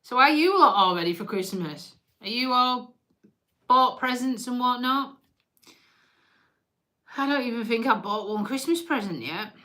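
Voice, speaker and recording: A woman chats loosely to her live-stream viewers, joking and swearing as she goes. Her voice sits fairly high and comes across bright and forceful, and she talks at a slow, unhurried pace. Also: animated. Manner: chatty, joking, swears casually. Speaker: livestream host. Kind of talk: casual live-stream chat.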